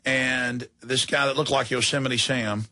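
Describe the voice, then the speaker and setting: A man's voice: mid-range voice, steady tone, measured pace, sharp tone. A middle-aged man hosting talk radio, tired after a very long broadcast, telling a story in a rambling, heated way with many restarts. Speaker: radio host.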